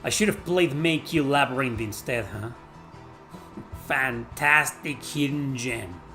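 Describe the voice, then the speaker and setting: A man doing live gameplay commentary, chatting with viewers, swearing and shouting at the game. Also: mid-range voice, slow pace, faint music behind. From Mexico. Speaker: gaming streamer.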